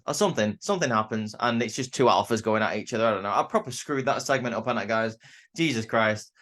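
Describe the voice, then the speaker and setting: A man's voice: mid-range voice, fast talker, fairly bright tone. Rambling man reviewing a show. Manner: rambling, stammers and restarts often. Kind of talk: casual spoken review.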